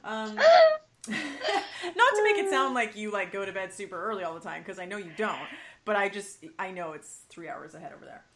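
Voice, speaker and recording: A woman's voice: mid-range voice, sing-song, moderate pace, noisy background. A woman hosting a casual podcast, bubbly and chatty, saying "like" a lot and laughing easily. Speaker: podcast host.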